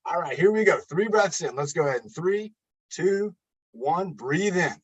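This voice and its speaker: An upbeat male fitness coach runs a live online class from home, counting reps and chatting with his viewers. His voice sits a little high with a husky edge, and it comes through a computer webcam mic. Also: expressive, normal speed, lo-fi sound.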